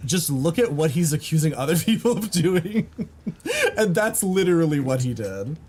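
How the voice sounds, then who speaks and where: Laughing man with a very lively voice. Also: on the high side, moderate pace, slightly rough. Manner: laughs often, reacts to chat. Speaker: streamer host. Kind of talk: casual live-stream chat. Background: people making noise nearby.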